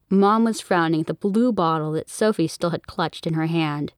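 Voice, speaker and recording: A woman narrating a children's story in an expressive, storytelling manner, on a close studio mic. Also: low voice, normal speed, dry recording. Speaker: audiobook narrator.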